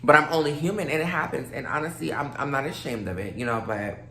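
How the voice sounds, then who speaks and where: A woman's voice: low voice, lively intonation, fast, roomy sound, background noise. A woman in her late twenties rambling casually to her viewers, a little tipsy and slightly slurred, with lots of fillers. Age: late 20s. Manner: loose, rambling, many fillers, addresses viewers as y'all. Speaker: vlogger. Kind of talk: casual rambling monologue to camera.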